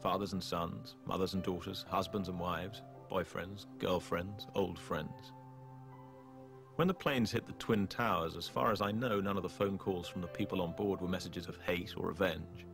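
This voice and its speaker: A thoughtful narrator in a romantic film, speaking in a low, gravelly voice. The delivery is unhurried and sincere, like a voice-over. Faint music plays beneath the words. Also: male voice, steady tone. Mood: reflective.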